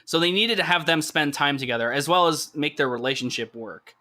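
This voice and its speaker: A man talks on a podcast with a bright, ringing tone and a slightly higher pitch than most. He rambles along animatedly and voices the characters' reactions as he retells scenes. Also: brisk. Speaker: podcast co-host. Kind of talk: casual chat.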